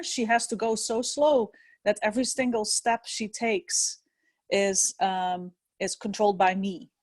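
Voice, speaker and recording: A woman student sharing a training tip in a virtual lesson over a video call, speaking plainly and thoughtfully. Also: medium pitch. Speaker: student in a class.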